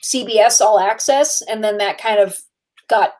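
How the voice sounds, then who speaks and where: A woman co-hosting a podcast in casual chat, relaxed and chatty and laughing often. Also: mid-range voice, normal speed. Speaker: podcast co-host.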